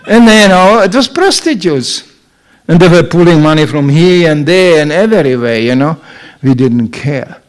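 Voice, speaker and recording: Man, monk's story talk, lively, voices acted out, slightly high. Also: normal speed. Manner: animated storytelling, acting out voices and laughing. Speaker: monk giving a talk. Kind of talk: anecdotal spiritual talk.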